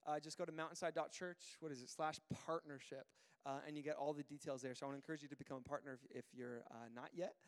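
A pastor in his thirties gives a casual sermon in a church auditorium, his fairly high, smooth voice moving quickly with fairly even intonation. He's chatty and tells stories, full of fillers and restarts, and long hall reverb fills the recording.

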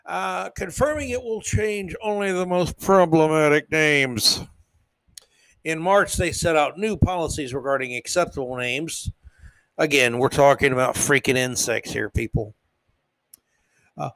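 A man's voice: on the high side, lively intonation, a little slow, creaky, a bit bright, no room sound. Sarcastic man hosting a comedy podcast. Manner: sarcastic, mocking, mock-outraged. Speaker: podcast host. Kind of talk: comedic monologue.

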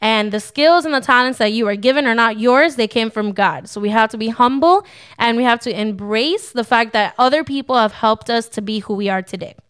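Young woman hosting a church-y podcast, smooth clear voice, upbeat and preachy, laughs a lot. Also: fairly high pitch, a little fast, a bit bright. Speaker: podcast co-host. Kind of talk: casual faith-based podcast talk.

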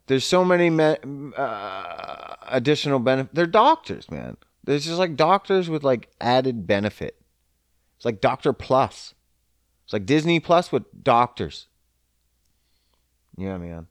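Man, casual monologue, crude and profane, rambling, lively up-and-down pitch, dry close sound. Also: unhurried, smooth, dry recording. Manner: laid-back, smoking while talking.

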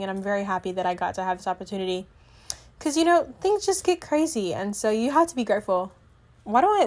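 A teenage girl vlogging in casual chat, rambling and filler-heavy, often trailing off and restarting her sentences. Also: medium pitch. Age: teens. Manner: self-correcting, trails off and restarts.

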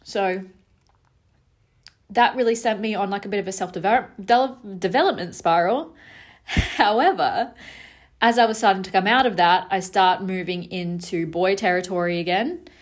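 A young adult woman telling her own story candidly, frank and reflective, swearing now and then, with halting restarts. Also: medium pitch.

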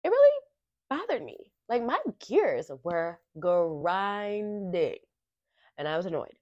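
A woman hosts a podcast and tells a casual story in a chatty, animated voice, with plenty of asides to the listener. Her pitch rises and falls all over the place. The recording is dry and a little dull. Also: slow pace, no echo. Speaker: podcast host. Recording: dry, slightly muffled lo-fi recording.

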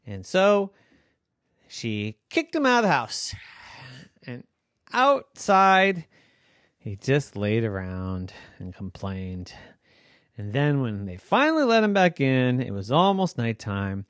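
A man telling a children's bedtime story in a playful, expressive way. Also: mid-range voice, slow pace, long pauses, no echo, clean studio sound.

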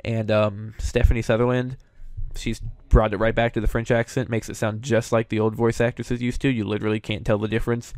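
A man's voice: fairly low pitch, level tone, a little fast, darkish tone, no echo, studio quality. A young man hosting casual commentary, an opinionated, chatty fan. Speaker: show host reviewing voice actors.

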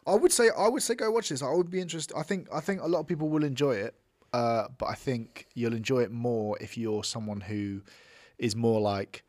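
A man hosting a film review podcast, speaking in a measured, hesitant way with many restarts. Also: mid-range voice, a little mellow, dry recording, clean studio sound. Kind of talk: casual chat.

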